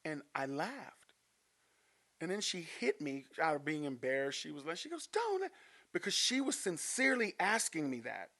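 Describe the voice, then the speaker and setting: A man's voice: a little high, moderate pace. A man in his fifties from Denver, a podcast guest telling personal stories with frequent laughs. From Denver, Colorado, USA. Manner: animated storyteller, laughs often. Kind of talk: podcast storytelling.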